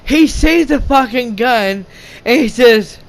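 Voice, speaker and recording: Man, high voice, young adult, casual rant, swearing, stumbling restarts. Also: lively intonation, slow, gravelly. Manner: swears a lot, stumbles and restarts, laughs, shouts quoted lines. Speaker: movie reviewer. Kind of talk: rambling casual movie rant.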